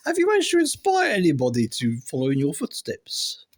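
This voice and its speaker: Husky man asking earnest questions. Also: on the high side, wildly swooping pitch, a little fast. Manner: earnest questioning with hesitant fillers. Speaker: interviewer. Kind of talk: mock-serious interview.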